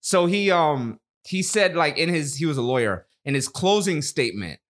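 Dude telling a story on a podcast, laid back, lots of ums, voice bounces around. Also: male voice, a little high. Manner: relaxed storyteller, trailing pauses and fillers. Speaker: podcast co-host. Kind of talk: casual chat.

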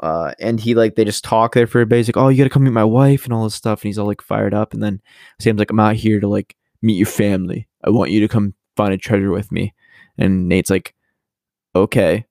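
Rambling young man, low and dry. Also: fairly even intonation, brisk, darkish tone, no echo. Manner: rambling, filler-heavy, acts out characters' lines. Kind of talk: casual chat.

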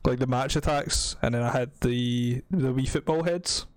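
A man's voice: medium pitch, moderate pace. Sweary, matey young Scottish man. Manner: laughing often, sweary and matey. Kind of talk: casual chat.

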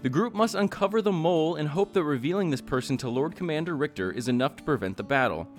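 A man's voice: fairly high pitch, animated, fast talker, soft background music. A man hosting a tabletop game podcast as dungeon master, recapping the story in an upbeat way. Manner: upbeat recap, laughs with players.

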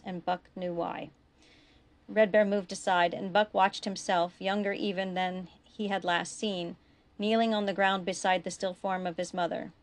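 Woman reading her own story, steady and expressive, middle pitch. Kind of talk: fiction audiobook reading.

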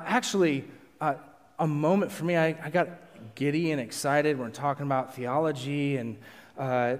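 A man preaching to a live congregation, telling a self-deprecating personal story in an animated way. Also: a little high. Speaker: pastor. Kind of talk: storytelling sermon. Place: large hall with a live audience. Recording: long hall reverb.

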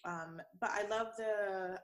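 A woman's voice: medium pitch, steady tone, slow pace, poor audio. Rambling woman chatting with frequent laughs. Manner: rambling, laughs often, many fillers. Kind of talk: casual podcast chat.

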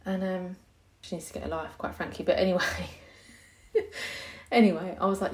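A woman's voice: lowish voice, fairly even intonation, moderate pace. A young woman hosting a podcast, chatting frankly and casually, laughing often. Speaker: podcast host, hypnobirthing teacher. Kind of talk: casual chat.

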